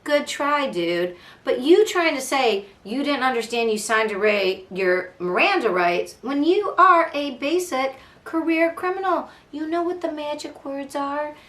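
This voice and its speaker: A woman's voice: sits high, expressive, unhurried, a bit bright. A woman hosting a casual true crime podcast, sarcastic and fired up, mocking and swearing as she talks. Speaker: podcast host. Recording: echoey room.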